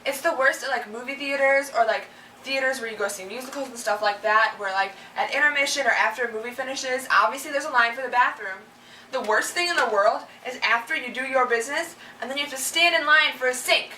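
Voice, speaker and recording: Young woman, vlogger, exasperated casual rant, high voice, roomy distant recording. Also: brisk, bright, forceful tone, slight background noise. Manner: chatty and exasperated, acts out quoted people. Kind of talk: casual ranting vlog. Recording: roomy, a little distant from the mic.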